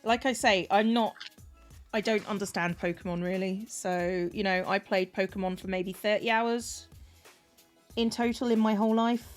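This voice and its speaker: Female streamer, dry and teasing, middle pitch, faint music behind. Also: steady tone, moderate pace. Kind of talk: casual chat on a live stream.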